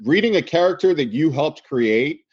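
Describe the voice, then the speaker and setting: A man's voice: a little high, lively intonation, normal speed, slightly rough, muffled recording. A man guesting on a podcast, chatting loosely as a comics writer and editor with profane, laughing banter. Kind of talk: casual podcast chat.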